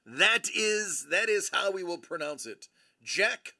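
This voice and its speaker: A man hosting a livestream, chatting in a rambling, animated way and often correcting himself mid-sentence. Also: sits high, measured pace. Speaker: livestream host. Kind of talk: casual live-stream chat.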